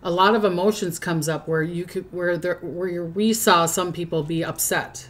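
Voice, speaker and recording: A woman with a lowish voice chats as a retreat co-host. She speaks emphatically, doubling her phrases and pressing her points home. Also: steady tone, moderate pace. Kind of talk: casual chat.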